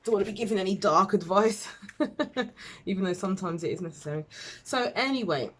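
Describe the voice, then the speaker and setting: A woman's voice: mid-range voice, brisk. A woman giving a casual tarot reading to camera, chatty and rambling, laughing at herself. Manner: chatty, rambling, self-deprecating, with fillers and laughs. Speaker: tarot reader.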